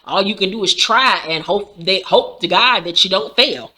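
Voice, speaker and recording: A woman's voice: mid-range voice, moderate pace, pushed and bright. A woman recapping a TV episode in a casual, slangy and profane storytelling chat.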